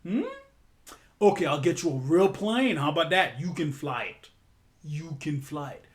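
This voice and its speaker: A man voicing a wealthy woman hosting guests, coaxing and generous, pitched above his usual voice. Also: lively intonation, moderate pace.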